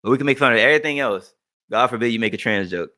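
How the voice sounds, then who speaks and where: Young male podcast co-host, bright tone, casual profane banter. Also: mid-range voice, racing. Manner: loose, profane, joking banter. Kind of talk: casual chat.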